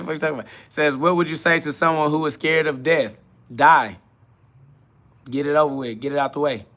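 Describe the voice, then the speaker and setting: A man's voice: fairly high pitch, a bit bright. A man hosting a live solo podcast, reading chat questions aloud and answering them bluntly, mocking the askers and laughing often. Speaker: podcast host.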